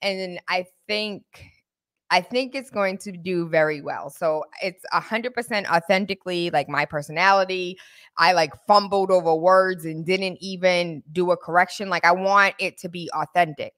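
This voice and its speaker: A woman hosting a show, chatting casually and telling animated stories full of slang. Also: fairly low pitch, moderate pace. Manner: animated storytelling, lots of laughter and slang. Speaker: host. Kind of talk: casual chat.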